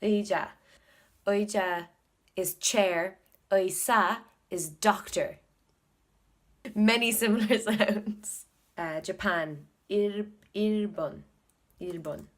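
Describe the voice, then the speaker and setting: A woman's voice: medium pitch, measured pace, pauses often. A woman with an Irish accent chatting casually in a study vlog, thinking aloud and repeating words to practise them. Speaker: video blogger learning Korean.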